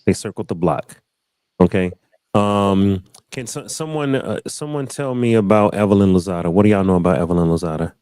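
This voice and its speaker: Casting: low-voiced man hosting a relaxed panel talk, repeats himself, dry close mic. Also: fairly quick, smooth, no echo. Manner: loose, repeats phrases, says y'all. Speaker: host. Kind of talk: casual panel chat.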